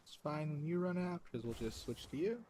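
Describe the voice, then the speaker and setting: A man's voice: fairly high pitch, lively intonation, moderate pace, mellow, a little hiss or hum. A man chatting casually while streaming a game at home, rambling with lots of fillers and frequent laughs. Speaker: livestreamer playing a game.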